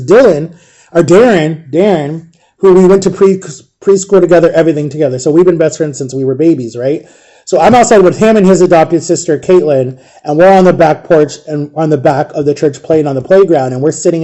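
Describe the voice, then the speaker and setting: A man in his thirties with a slightly high, mellow voice tells a story from his own life. He rambles casually and lets his voice fall almost to a hush when the memories get heavy. He is from Ohio. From Ohio, USA. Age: 30s. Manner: rambling, softens to a hush at emotional moments. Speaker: vlogger.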